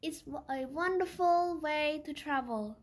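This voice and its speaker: Brief: woman storyteller, children's book read-aloud, unhurried, high voice. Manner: slow, careful reading with small slips. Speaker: storyteller on her channel.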